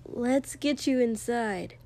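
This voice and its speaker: A woman voicing a calm, gentle young man who speaks quietly and soothingly in an audiobook reading. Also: on the high side, slow pace.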